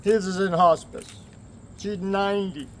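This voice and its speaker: A man's voice: high voice, fairly even intonation, a little slow, slight background noise. A man from the American Southwest, at least in his forties, talking candidly in a rambling personal vlog. He swears, laughs often and speaks in short bursts. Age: 40s or older. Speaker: vlogger.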